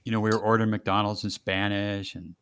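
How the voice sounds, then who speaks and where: A man hosting a casual chat, telling lively stories and laughing often. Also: on the low side, fairly quick, a crowd in the background. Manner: animated storyteller, laughs often, puts on voices in quotes. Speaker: podcast host.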